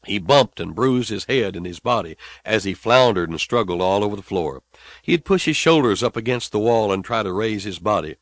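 A man's voice: fairly low pitch, no room sound. Dramatic male preacher, dry close sound. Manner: dramatic, swinging between hushed and loud. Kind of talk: radio sermon storytelling.

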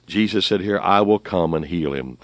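A man's voice: low voice, normal speed, dry recording. A middle-aged man preaching a sermon on the radio, emphatic and repeating phrases for stress.

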